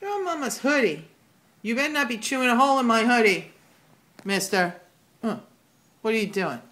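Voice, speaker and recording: A woman's voice: on the high side, animated, normal speed, a bit bright. A woman filming her pet squirrel, talking to it in playful scolding baby talk. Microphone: handheld camera.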